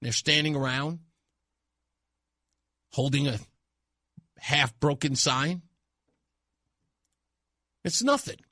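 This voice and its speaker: A man's voice: on the high side, slow pace, long pauses, sharp tone, dry recording. A male talk radio host giving a sarcastic, mocking monologue in a studio. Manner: sarcastic, mocking, laughs at own jokes.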